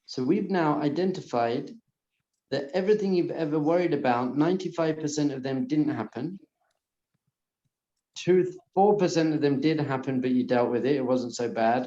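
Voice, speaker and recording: Earnest rabbi in an echoey room. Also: male voice, mid-range voice, dull audio. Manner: earnest, repeats soothing phrases softly. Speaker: rabbi giving a class. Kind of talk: lecture to a live audience.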